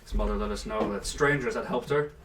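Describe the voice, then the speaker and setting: A man voicing a grave, formal male centaur who leads a caravan, speaking in a measured, low way. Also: fairly bright tone, distant mic, faint music behind, close to an everyday voice, low-quality recording. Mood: earnest.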